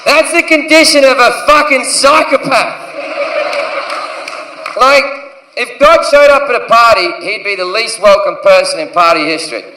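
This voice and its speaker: Stand-up: crude, provocative man, bright high voice, roomy live hall. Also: normal speed, distant mic, slight background noise. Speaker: stand-up comedian. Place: large comedy venue. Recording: echoey live comedy hall from afar.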